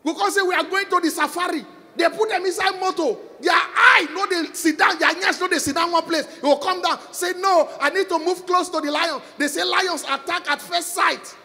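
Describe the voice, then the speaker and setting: A man with a Nigerian accent doing stand-up comedy on a concert stage, telling stories loudly in Pidgin and English. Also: very high voice, normal speed, few pauses. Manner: loud, animated storytelling in Nigerian Pidgin and English.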